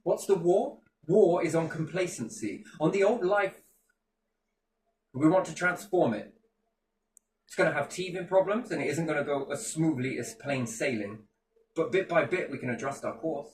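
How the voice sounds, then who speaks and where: His pitch is fairly high and his speed normal as this Briton, with a British English accent, delivers fervent, swear-filled rants during a relaxed chat. There's a little hiss or hum, and the echoey room, distant mic and faint ambience colour the sound.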